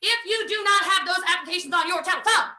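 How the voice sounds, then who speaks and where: An American woman giving a live online sales training, talking in an energetic, emphatic way and repeating phrases for drive. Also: very high voice, fast, reverberant. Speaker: network marketing trainer.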